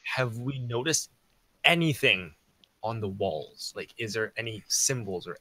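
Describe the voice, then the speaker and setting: A man's voice: fairly low pitch, animated, measured pace, bright, forceful tone, dry recording. A man playing in a tabletop role-playing game, asking hesitant, stammering questions about the scene. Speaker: player. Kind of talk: casual role-play chat.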